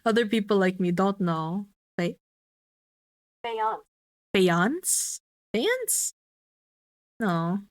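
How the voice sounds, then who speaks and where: A woman streaming and chatting with her audience, trying a word out loud again and again and swearing lightly along the way. She talks slowly and unhurriedly. The sound is close and dry, with no room around it. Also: mid-range voice, no room sound. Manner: musing aloud, repeating a word to test its pronunciation. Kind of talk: casual livestream chat.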